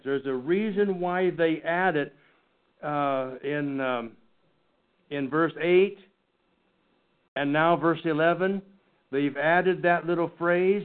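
A man teaching a Bible study class in an earnest, halting way, often restarting his sentences. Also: a little high. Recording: tinny phone-like recording.

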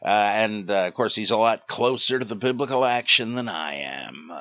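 A man's voice: lowish voice, animated, normal speed, a bit bright, no echo. An older man hosting a podcast, reading out listener names and questions in a rambling way with dry asides and many hesitations. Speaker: podcast host. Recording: dull lo-fi recording.

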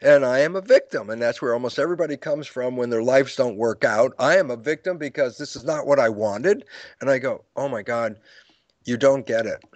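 This older man speaks at a medium pitch and a brisk clip, on a dry recording with the high frequencies cut off. Explaining ideas in an interview, he acts out tales from his own lectures, quoting dialogue and laughing frequently.

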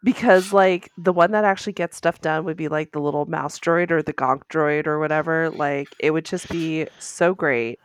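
Podcast co-host, woman, lower voice, eager and effusive, dry studio mic. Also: normal speed, few pauses, clear, resonant tone, no echo. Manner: enthusiastic, gushing fan. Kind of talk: casual chat.

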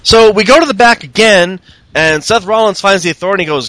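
A man co-hosting a casual chat, lively and profane, acting out other people's lines in put-on voices. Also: high voice, a little fast, no echo. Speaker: podcast co-host recapping wrestling.

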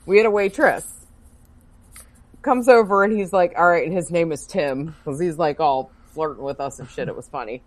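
A woman co-hosting a casual chat, telling a story in a loud, animated and profane way. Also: low-pitched, normal speed, dry recording. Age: adult working as a bartender. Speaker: podcast co-host.

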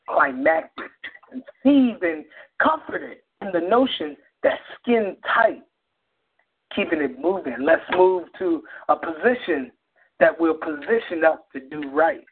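A man co-hosting a radio show who chats casually, then performs a spoken-word poem with animated, repeated phrases. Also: high voice, husky. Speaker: radio co-host and poet. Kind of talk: casual chat and spoken-word poetry reading. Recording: tinny phone-like sound.

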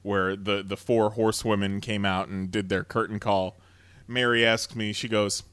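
A man's voice: lowish voice, level tone, moderate pace, fairly bright tone, smooth, no echo. A man hosting a podcast in casual chat, chatty with many fillers and frequent laughter. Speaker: podcast host.

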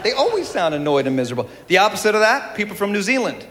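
A man doing stand-up comedy on stage before a live audience, animated and mocking. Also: high voice, racing. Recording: stand-up recording with a noisy crowd.

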